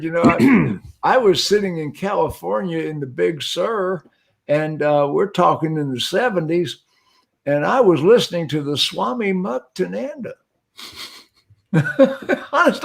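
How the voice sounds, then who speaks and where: A man's voice: high voice, vocal fry. An older man hosting an interview, asking blunt, probing questions and often restarting his sentences. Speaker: host. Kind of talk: casual interview talk.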